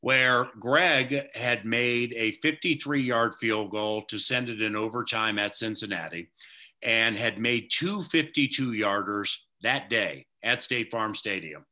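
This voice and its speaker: Man, radio announcer guest, candid, self-critical, sharp bright voice. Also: lowish voice, slow pace. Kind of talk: interview guest.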